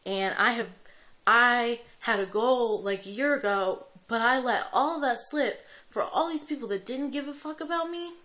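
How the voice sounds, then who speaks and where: A young woman vlogging at home late at night. She is tearful and crying as she talks, rambling and swearing freely, halting often with fillers. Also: on the high side, bright, forceful tone. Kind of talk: emotional confessional vlog.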